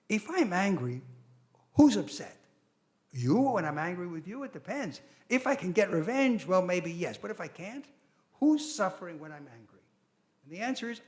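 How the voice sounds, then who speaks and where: An older man giving an academic lecture, telling stories animatedly with quoted voices and asides. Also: sits high.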